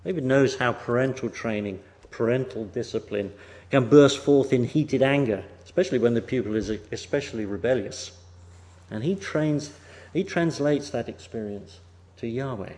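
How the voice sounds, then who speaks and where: A man preaching an expository sermon, emphatic, pushing stressed words up and letting phrase endings fall soft. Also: mid-range voice, normal speed.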